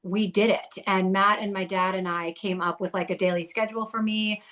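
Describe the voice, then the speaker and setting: A woman's voice: mid-range voice, fairly even intonation, fairly quick, fairly bright tone. A woman guest in her thirties or forties telling her own story in a blunt, heated way, swearing often. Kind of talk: candid conversational storytelling.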